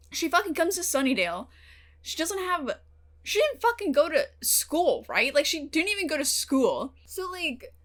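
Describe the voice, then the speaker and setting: A young woman rambles to her camera with a slightly raised pitch, her talk loose and full of fillers. She gets emotional and animated as she goes, swearing now and then. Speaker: reaction channel host. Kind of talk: casual talk to camera about a TV episode.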